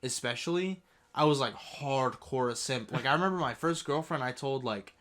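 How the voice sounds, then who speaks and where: A man's voice: mid-range voice, moderate pace, a bit bright. A young man co-hosting a podcast, chatting casually and swearing often. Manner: swears often, laughing asides. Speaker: podcast co-host. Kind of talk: casual chat.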